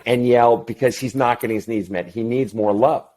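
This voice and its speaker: A middle-aged man, a counselor talking as an interview guest, telling a story in a blunt, profane and animated way. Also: mid-range voice, normal speed. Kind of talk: casual interview chat.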